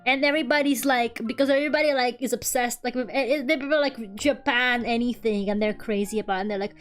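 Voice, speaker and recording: Woman streamer w a higher voice, rambly and sweary, laughs a lot while drawing, faint music behind. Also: fast talker. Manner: chatty and rambling, swears freely, laughs often. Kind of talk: casual chat while drawing.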